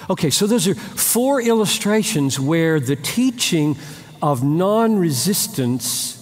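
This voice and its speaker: A man preaching in a large hall with a long reverb, his voice sitting a little high for a man. He swings his pitch widely and stresses his points, repeats phrases for effect, and acts out quick bits of dialogue. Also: big pitch swings. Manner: emphatic, repeats phrases and acts out short exchanges. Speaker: pastor. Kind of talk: sermon.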